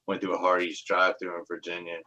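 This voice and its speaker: A man telling a story with swearing and animated quoted voices in a casual podcast chat. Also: deep voice, fast talker, low-quality recording. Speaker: podcast guest.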